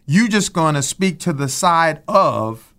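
A man co-hosting a talk show lays out his reasoning in a measured, reflective way. He builds the argument point by point. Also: fairly high pitch, lively intonation, a bit bright. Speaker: co-host. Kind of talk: candid talk-show commentary.

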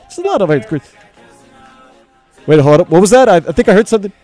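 A young man hosting sports radio, playful and energetic, jumping up in pitch to hype the coming shows. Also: fast, soft background music. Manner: energetic, playful, jumps high in pitch for emphasis. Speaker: radio host. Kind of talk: upbeat sports radio promo. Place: radio studio.

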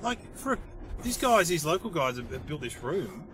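Bright-voiced comedian host. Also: male voice, on the high side, big pitch swings. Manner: easygoing, quick agreeing interjections. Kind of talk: casual chat.

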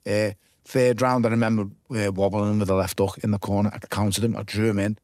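Guest: low-voiced man with a Liverpool accent, vivid swearing storyteller, dry close sound. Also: level tone, a little fast, a little mellow, no echo. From Liverpool, England. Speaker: guest, former boxer. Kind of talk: casual podcast interview.

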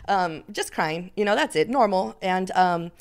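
Middle-aged woman, podcast guest, lowish voice, animated storyteller. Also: a little slow, clear, resonant tone. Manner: animated storyteller, acts out quotes. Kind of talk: casual interview chat.

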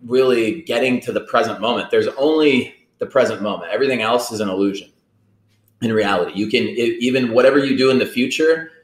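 A man's voice: mid-range voice, fairly quick. A man talks through ideas in a loose, rambling way, now and then slipping into little acted-out inner voices. His voice sits in a mid register. The room around him is echoey. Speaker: podcast co-host. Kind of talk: casual conversation.

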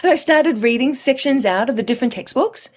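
A woman in her fifties talks as an interview guest, with a husky, breathy voice. Her storytelling is chatty and animated, and she freely acts out what others said. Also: high voice, brisk. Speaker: guest numerologist.

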